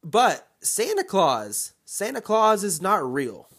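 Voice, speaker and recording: A man's voice: sits high, takes it slowly, breathy edge. A young man hosting a solo podcast, talking in a casual, rambling way and getting fired up as he rants. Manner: animated, rambling, gets fired up and ranting. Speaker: podcast host.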